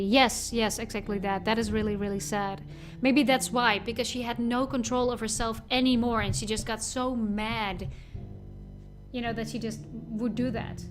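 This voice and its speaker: Brief: young woman let's-player, chatty and rambling, higher voice, game music behind. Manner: chatty, rambling, self-interrupting. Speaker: let's play host. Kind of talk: casual game commentary.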